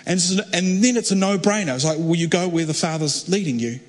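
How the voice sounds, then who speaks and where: A man preaching, telling a story in a conversational sermon style with halting restarts that builds to fervent emphasis. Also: high voice. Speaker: pastor. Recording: long hall reverb.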